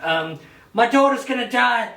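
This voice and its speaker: A man's voice: very high voice, lively intonation, unhurried, pushed and bright, pitched above the performer's own voice, full character voice. A man putting on the voice of a frantic father pleading with a judge, urgent and rising. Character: frantic middle-aged American father pleading in court. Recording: echoey room, mic at a distance.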